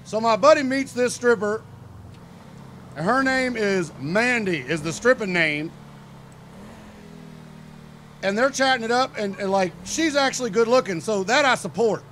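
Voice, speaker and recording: A man's voice: high-pitched, lively intonation, normal speed, a bit bright, slight background noise. A man in a game role-play, telling a joking, profane story in a casual, chatty way.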